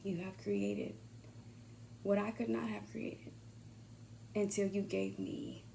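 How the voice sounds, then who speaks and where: A woman giving a casual motivational monologue, swearing freely and swinging from hushed whispers to loud bursts. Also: medium pitch, steady tone, slow pace, vocal fry, a little hiss or hum. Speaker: motivational vlogger.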